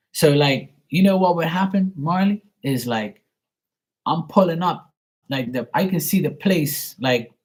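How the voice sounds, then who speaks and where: A man's voice: a little high, husky, rough recording. A man hosting a tarot reading live stream, telling profane, chatty anecdotes. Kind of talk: casual live-stream storytelling.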